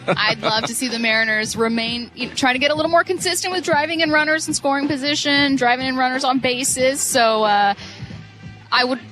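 A woman's voice: high-pitched, animated, music in the background, low-quality recording. A woman co-hosting a sports radio show, chatting casually, teasing her co-hosts and laughing often. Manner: playful, teasing, quick laughs.

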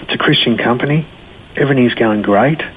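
A middle-aged man telling his life story to an interviewer, blunt and animated, acting out the people he quotes. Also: medium pitch, brisk, a little hiss or hum. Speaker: guest. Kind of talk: personal testimony in an interview. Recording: tinny phone-line sound.

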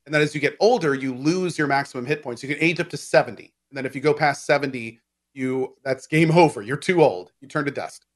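A man's voice: mid-range voice, brisk. A man in casual gaming chat, explaining game mechanics at length with lots of fillers and restarts. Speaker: game discussion co-host.

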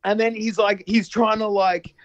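A man recounting a film plot in rambling, animated casual chat, swearing freely. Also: high-pitched, normal speed, muffled recording, slight background noise.

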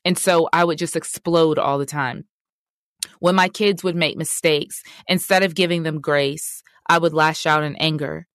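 A woman's voice: sits low, steady tone, moderate pace, a bit bright, dry recording, clean studio sound. Candid woman sharing her faith. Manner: candid, conversational, addresses listeners directly. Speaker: podcast host. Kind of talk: personal faith talk.

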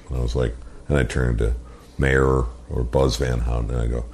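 Very deep-voiced storytelling man. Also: fairly quick. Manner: animated anecdotes with quoted voices and chuckles. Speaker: radio personality and guest. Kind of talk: storytelling in interview.

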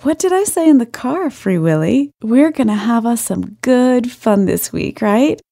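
A woman's voice: on the high side, animated, moderate pace, gravelly, mellow, no room sound, clean studio sound, voice pushed up. A woman voicing a bold, playful, flirtatious sister with a bossy, teasing manner.

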